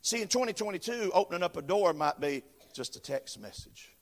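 A man preaching a sermon, chanting phrases that start with a gasped "uh" and swell into shouts. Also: high voice, expressive, brisk. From western North Carolina, USA. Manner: rhythmic preaching, each phrase opened with a gasped "uh", building to shouts. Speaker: visiting preacher. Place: church building.

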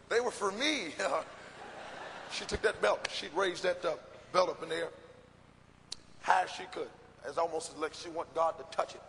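Man, stand-up comic, high gravelly voice, bright tone, reverberant live hall. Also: moderate pace, pauses often, slight background noise. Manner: animated, acts out scenes, gasps and shouts. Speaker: stand-up comedian. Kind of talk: stand-up comedy storytelling. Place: stage before a live audience. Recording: live hall with audience ambience.

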